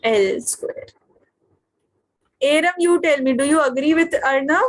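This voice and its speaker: High-voiced Indian English woman teaching physics. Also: measured pace. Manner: questioning, checks understanding often. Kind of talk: online physics class.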